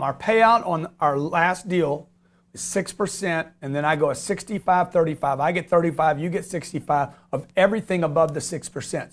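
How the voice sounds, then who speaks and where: A man hosting a call-in radio show, pitching deals in a fast, animated way and acting out his conversations.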